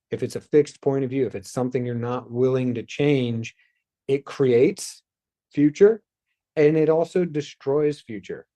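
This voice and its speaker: A man hosts a spiritual self-help talk in a mellow, warm voice. His delivery is loose and rambling, drifting into soft asides and sighs. His pitch sits in a middle range. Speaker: host.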